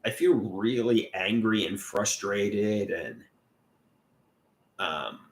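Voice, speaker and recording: A man hosting a casual livestream and reading out chat comments. He talks haltingly, with restarts, and sounds frustrated and glum. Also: fairly low pitch. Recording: echoey room.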